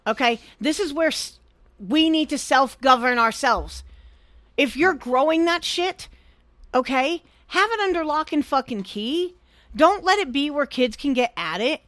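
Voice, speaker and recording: A woman co-hosting a casual podcast, blunt and animated, swearing freely as she gives her opinions. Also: high voice, unhurried, no room sound. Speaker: podcast co-host. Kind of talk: casual chat.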